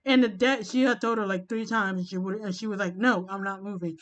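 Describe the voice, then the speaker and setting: A woman in casual chat, rambling with many halting restarts. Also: mid-range voice.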